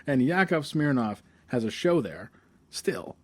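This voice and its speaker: A man's voice: medium pitch, big pitch swings, measured pace, dry recording. A man co-hosting a podcast, chatting casually in a wry, joking way and laughing often. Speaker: podcast co-host. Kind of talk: casual chat.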